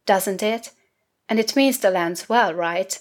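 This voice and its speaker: A woman's voice: medium pitch, slow pace, natural voice. A woman voicing an eager young village boy in a storybook reading, who chatters in a stream of anxious questions. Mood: chattering.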